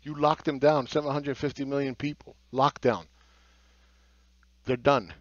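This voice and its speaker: A man's voice: medium pitch, steady tone, unhurried, no room sound, dull audio. A man giving a blunt market commentary monologue, sarcastic and swearing, who mocks other people's views. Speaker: market analyst.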